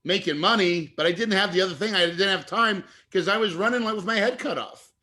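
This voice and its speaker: A middle-aged man telling a heartfelt personal story as an interview guest, earnest and animated, getting choked up at times. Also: sits high, fairly quick. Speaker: guest investor.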